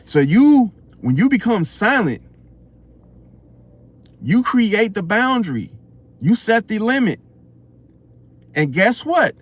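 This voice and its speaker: A man's voice: high-pitched, big pitch swings, slow, long pauses. A man hosting an astrology channel, giving an unscripted motivational talk full of rhetorical questions and repeated "see?". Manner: preachy, rhetorical questions, keeps saying "see?".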